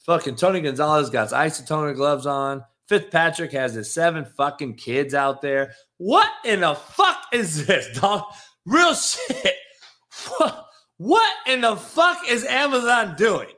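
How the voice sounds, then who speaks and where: High bright-voiced guy ranting about football, cussing nonstop, super animated. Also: measured pace. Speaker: sports podcast host. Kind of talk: casual chat.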